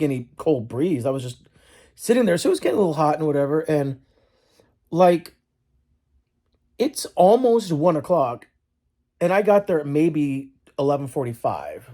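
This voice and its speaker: A man's voice: fairly high pitch, dark tone. Male vlogger, casual rambling rant, frustrated, heavy on fillers.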